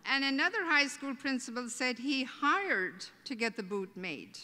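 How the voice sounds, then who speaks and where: A woman with an Irish accent hosting a convention, giving a warm, joking welcome speech. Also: high voice, animated, a little slow, slight background noise. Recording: reverberant convention hall.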